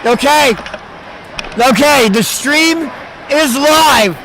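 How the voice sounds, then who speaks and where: Brief: male live-streamer, high voice, slow delivery, sneering running commentary. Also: slight background noise. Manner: mocking, laughs often, loud outbursts.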